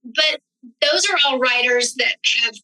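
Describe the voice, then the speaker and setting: Woman, podcast guest, thoughtful, brilliant bright voice, highish pitch. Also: measured pace, rough recording. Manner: reflective, thoughtful storytelling. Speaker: actress, writer and director guest. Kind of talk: podcast interview.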